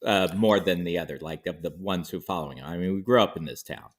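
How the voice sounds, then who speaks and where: A man's voice: low-pitched, quick pace. A man playing a tabletop game, casual and joking with the table. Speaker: player.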